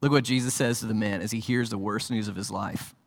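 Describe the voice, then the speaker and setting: Man, pastor, sermon, hushed to urgent, long hall echo. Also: lowish voice, steady tone, fast, vocal fry. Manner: dramatic, swings from hushed to loud and urgent.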